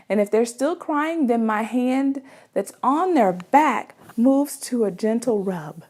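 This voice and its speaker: A woman's voice: on the high side, a little slow, dark tone. A woman, a mother, giving parenting advice in an earnest, conversational way, often checking in with the listener. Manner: earnest and conversational, with frequent "right?" asides. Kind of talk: casual advice talk.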